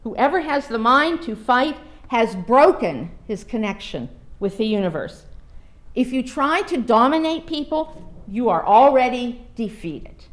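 Woman, sermon storytelling, animated pitch, slightly high voice, dramatic reading. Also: unhurried. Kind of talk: storytelling read aloud.

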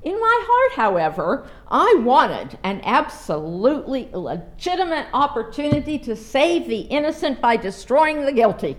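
Woman, sermon storytelling, animated pitch, slightly high voice, dramatic reading. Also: unhurried, hardly any pauses. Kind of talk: storytelling read aloud.

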